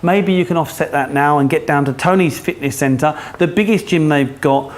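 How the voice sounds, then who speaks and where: A man's voice: a little high, normal speed. A man co-hosting a listings show, chatting in a jokey, upbeat way. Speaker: co-host. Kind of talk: casual chat.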